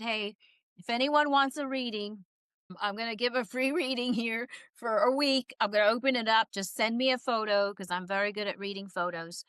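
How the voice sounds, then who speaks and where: A woman guest, a psychic medium, telling stories in a casual interview and acting out quoted voices with quick laughs. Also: fairly high pitch, a bit bright, clear, resonant tone, no room sound.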